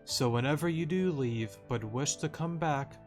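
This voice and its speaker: A man reading the lines of a kind, grieving mother from a video game in a slow, plain voice. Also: fairly high pitch, faint music behind, lightly acted. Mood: hopeful. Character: kind grieving mother, adult woman, gentle and earnest.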